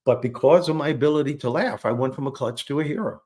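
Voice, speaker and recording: A man telling a funny childhood story in a relaxed interview, self-deprecating and animated, acting out the lines he quotes. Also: medium pitch, fast. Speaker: guest storyteller. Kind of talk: conversational storytelling.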